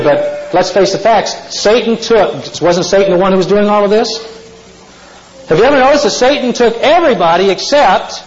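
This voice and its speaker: A man's voice: sits high, muffled recording. A man preaching to a congregation, telling folksy stories and asking the listeners questions. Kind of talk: sermon.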